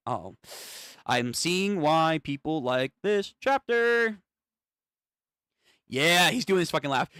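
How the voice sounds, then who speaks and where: A man streaming a live manga reaction, thinking aloud, swearing and getting excited as he reads. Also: a little high, measured pace, no echo, studio quality.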